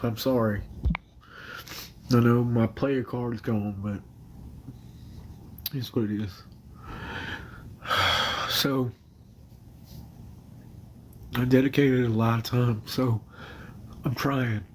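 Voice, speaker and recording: Tearful guy livestreaming from his bedroom on a phone, halting and apologetic, very slow delivery. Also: mid-range voice, fairly even intonation, a little hiss or hum. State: crying. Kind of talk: casual livestream chat. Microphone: phone camera.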